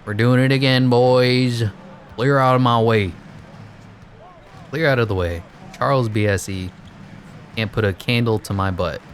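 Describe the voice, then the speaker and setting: A man's voice: fairly even intonation, moderate pace, faint music behind. Sarcastic man narrating a basketball game. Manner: sarcastic, exasperated, yelps up high in outbursts. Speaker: gaming commentator. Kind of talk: live gameplay commentary.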